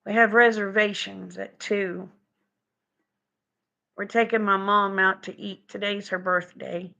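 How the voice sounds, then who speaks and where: A middle-aged woman chatting with her viewers on a live stream from home, folksy and quick to laugh. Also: medium pitch, level tone, vocal fry, pushed and bright, highs cut off. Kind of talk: casual chat with viewers. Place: home, indoors.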